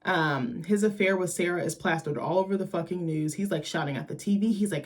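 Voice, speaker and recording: A woman's voice: lowish voice, fairly quick, few pauses, darkish tone. A young woman casually recapping a TV episode late at night, tired but chatty and profane, acting out the characters' lines as she retells scenes. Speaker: TV recap host.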